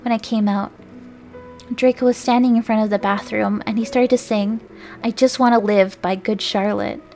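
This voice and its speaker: A woman's voice: mid-range voice, steady tone, normal speed, gravelly, warm tone. Young woman streamer, comic dramatic read-aloud, asides, faint music bed. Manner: laughing asides, stumbling on names. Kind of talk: comedic dramatic reading aloud.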